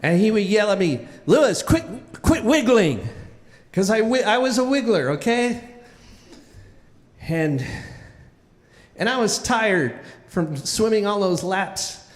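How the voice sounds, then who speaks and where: A man telling a childhood story live on stage, animated and often restarting with repeated words. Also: sits high, slow pace, long pauses, big-room sound.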